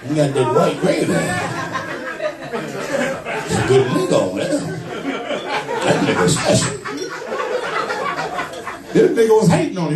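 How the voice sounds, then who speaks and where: A man doing a loud, rowdy stand-up roast on a comedy club stage, telling stories with crude slang into a handheld mic. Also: very high-pitched, very animated, moderate pace, long pauses. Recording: echoey room from a distance. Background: laughing crowd.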